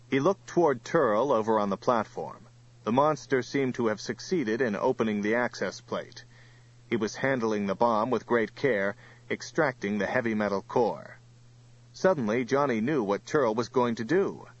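A man reading an audiobook in steady, even scripted narration. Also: medium pitch, muffled recording.

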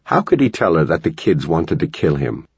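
Deep husky male audiobook narrator. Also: big pitch swings, moderate pace, darkish tone, dry recording, dull audio. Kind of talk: scripted narration.

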